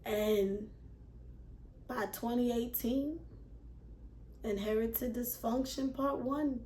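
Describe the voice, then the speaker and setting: A woman, telling her story to camera in an animated way and acting out her old thoughts with swearing. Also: fairly high pitch, slow, long pauses, very noisy. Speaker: vlogger and self-published author. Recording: echoey room with music playing behind.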